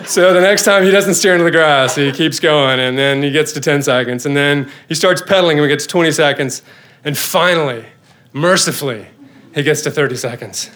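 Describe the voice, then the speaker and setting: A middle-aged man, a father, telling a personal story on stage with lively, self-mocking comic timing. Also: on the high side, a little fast, noisy background. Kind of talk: live storytelling performance.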